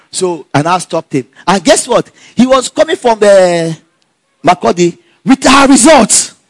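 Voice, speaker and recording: A man telling a personal story in a casual, animated way, laughing often and acting out the dialogue. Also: high-pitched, no echo. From Nigeria.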